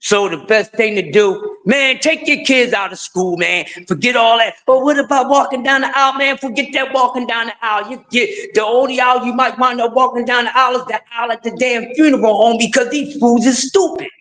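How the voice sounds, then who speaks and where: A middle-aged man, ranting emphatically on a livestream, shifting from shouting to quiet pleas. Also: extremely high pitch, a little fast, hardly any pauses. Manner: emphatic, preachy, swings between shouting and quiet. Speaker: livestream host. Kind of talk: impassioned livestream rant.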